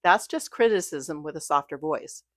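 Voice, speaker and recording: Woman, lower voice, calm coaching delivery, close dry recording. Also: normal speed, dry recording. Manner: gentle, reassuring, coaching tone. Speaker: mindfulness creator. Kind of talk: scripted talk to camera.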